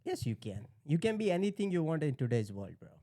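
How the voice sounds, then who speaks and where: A man's voice: a little high, sing-song, a little fast, mellow, no echo, studio quality. A man hosting a casual podcast chat, joking and laid-back, often calling people "bro". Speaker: podcast host.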